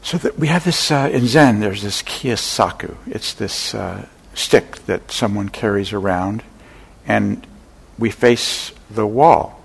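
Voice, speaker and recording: An older man giving a dharma talk as a meditation teacher, an unhurried storyteller who pauses often. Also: lowish voice, gravelly, husky. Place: meditation center hall.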